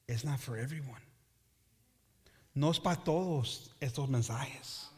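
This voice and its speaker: A man with a fairly high, very animated voice preaches a bilingual sermon, moving between English and Spanish and calling out to the congregation. He reads scripture slowly, repeating words for emphasis, while a long hall reverb trails behind him.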